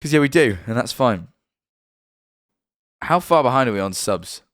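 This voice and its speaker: A young British man rambles through a casual live-stream chat in a medium-pitched voice and stops often to correct himself. His voice sounds dry and close, with no room around it. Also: animated, moderate pace, a bit bright, dry recording. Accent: British English. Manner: rambling, self-correcting, chatty.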